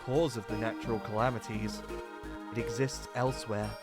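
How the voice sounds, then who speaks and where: A man voicing an ancient, solemn fox spirit who lays curses, speaking in a grave, formal, measured way. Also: on the low side, steady tone, faint music behind, voice pushed down, lightly acted.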